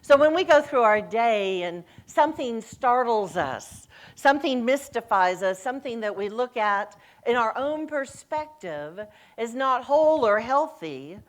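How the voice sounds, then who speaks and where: A woman's voice: on the high side, a little slow. A middle-aged woman minister giving a sermon, telling stories with a voice that climbs and drops and acting out the quoted lines. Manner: lively storytelling, voice rising and falling, acts out quoted lines. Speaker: senior minister.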